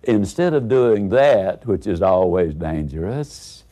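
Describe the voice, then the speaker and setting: A man's voice: low voice, slow. A man giving a motivational speech, telling stories, acting out the characters and asking the audience rhetorical questions. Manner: animated storyteller who acts out characters. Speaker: motivational speaker.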